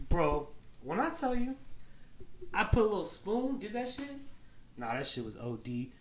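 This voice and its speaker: A man's voice: sits high, sing-song, moderate pace, pauses often, reverberant, a little hiss or hum. A man from the San Francisco Bay Area hosting a podcast, talking in a loose, profane, joking way. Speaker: podcast host. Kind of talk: casual chat.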